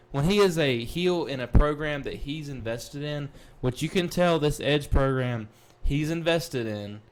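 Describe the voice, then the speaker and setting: Male podcast host, mid-pitch, excitable and blunt, casual wrestling recap. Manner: excitable, blunt, swears freely.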